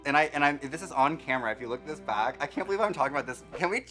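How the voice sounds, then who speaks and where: A man's voice: fairly high pitch, lively intonation, rapid-fire, fairly bright tone, soft background music. A man in his thirties, a guest in a casual chat, wry and self-deprecating. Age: 30s.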